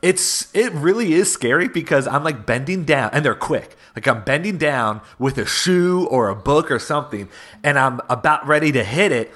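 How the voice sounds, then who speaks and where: A man, a father and co-host, telling a funny story in casual chat, animated and laughing as he goes. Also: fairly high pitch, moderate pace.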